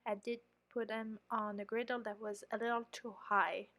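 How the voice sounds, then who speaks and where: Home-baker host, woman from France, French accent, self-critical explainer, a little high-pitched. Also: little pitch movement, normal speed, fairly bright tone. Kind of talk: casual voice-over narrating her baking.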